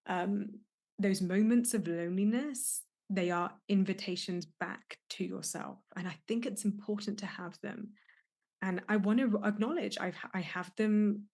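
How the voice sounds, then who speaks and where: Young woman doing a solo podcast, open and emotional, keeps restarting her sentences, mid-pitched voice. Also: a little mellow. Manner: candid, emotional, searching, with many restarts. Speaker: podcast host and life coach. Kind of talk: reflective solo podcast monologue.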